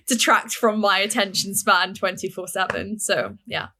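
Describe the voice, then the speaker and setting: A woman's voice: mid-range voice, huge pitch swings, takes it slowly, sharp tone, slight background noise. A young woman from England, a fitness coach, chatting as a podcast guest in an upbeat way and laughing easily. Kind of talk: casual interview chat.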